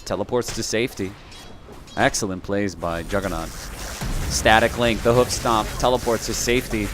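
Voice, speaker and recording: Laid-back male esports caster, lowish voice. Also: steady tone, moderate pace, music in the background. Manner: casual, joking, chatty between plays. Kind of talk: live play-by-play commentary.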